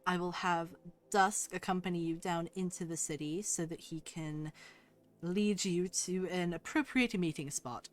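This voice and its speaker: A woman's voice: on the low side, unhurried, natural voice. A woman voicing a gracious noble queen, speaking in a formal, composed way.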